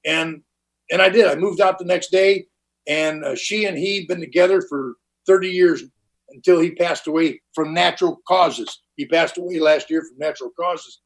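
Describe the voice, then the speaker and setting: An older man, high-pitched for a man, telling his recovery story in a blunt, candid way. He talks in plain slang and restarts his sentences often. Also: moderate pace, poor audio. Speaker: recovery meeting speaker. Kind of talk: personal recovery testimony. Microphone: online conference talk.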